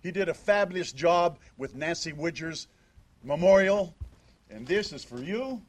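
A man's voice: on the high side, expressive, unhurried. An older man speaking as a father at a memorial service, emphatic and fond of rhetorical questions. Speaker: father giving a eulogy. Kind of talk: memorial speech.

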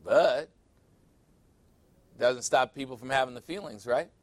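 Male pastor, confiding conversational sermon with quiet asides, mid pitch, dry close recording. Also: unhurried, no room sound. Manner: candid, confiding, often drops to a low aside.

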